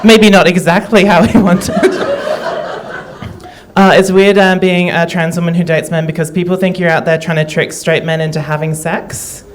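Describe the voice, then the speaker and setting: A woman with an Australian accent doing a stand-up comedy set, halting and self-deprecating, with frequent restarts. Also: lowish voice, steady tone, slight background noise.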